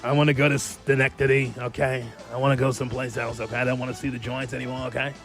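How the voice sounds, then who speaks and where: A man putting on a raspy, grumbling eight-year-old boy fan who ends every line with "okay?". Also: mid-range voice, level tone, fast talker, fairly bright tone, soft background music, close to an everyday voice. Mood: whiny, grumbling.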